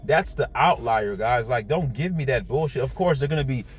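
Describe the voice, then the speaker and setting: A man's voice: mid-range voice, animated, fairly quick. A man giving a blunt, heated opinion monologue, speaking casually and swearing as he talks. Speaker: commentator.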